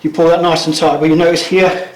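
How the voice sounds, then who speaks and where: A man's voice: a little high, little pitch movement, quick pace. A man coaching a hands-on demonstration, explaining each step and a little out of breath from the effort. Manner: instructive, step-by-step, trails off quietly at phrase ends. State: out of breath from pulling. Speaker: strength coach. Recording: echoey room.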